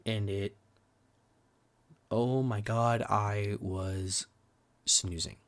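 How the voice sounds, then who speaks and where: On the low side and steady in tone, this man draws out his words. He co-hosts a film podcast, chatting casually while giving frank, profane reviews, with restarted words and the odd dip to a near whisper.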